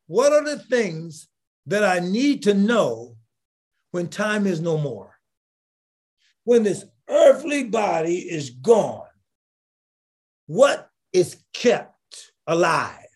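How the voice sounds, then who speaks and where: A bishop preaching with fervor, asking the listeners rhetorical questions and bursting into shouted emphasis. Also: male voice, sits high. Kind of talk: impassioned preaching.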